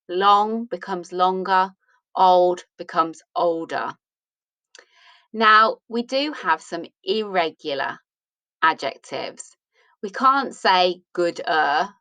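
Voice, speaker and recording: A woman's voice: fairly low pitch, a bit bright, no echo, rough recording. A woman teaching English grammar, patiently explaining rules and asking questions that she answers herself. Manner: patient, asks and answers her own questions.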